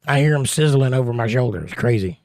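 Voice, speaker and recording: A man's voice: medium pitch, animated, fast, darkish tone, no echo, clean studio sound. Folksy man hosting a live chat show. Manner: folksy, chatty, reads chat aloud. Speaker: host. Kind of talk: casual livestream chat, reading viewer comments.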